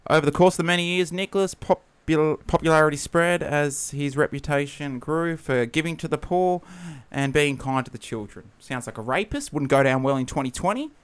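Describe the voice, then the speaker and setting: A man's voice: on the high side, fairly quick, clean tone. A young Australian man co-hosting a podcast in casual chat, crude and joking, often laughing. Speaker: podcast co-host.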